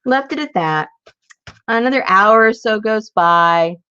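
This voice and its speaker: A chatty woman tells a story in a casual craft vlog, laughing often. Her pitch swings up and down a lot. The sound is a bit dull and lo-fi. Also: expressive, a little slow, bright, forceful tone, smooth. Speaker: craft vlogger. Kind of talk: casual chat while crafting.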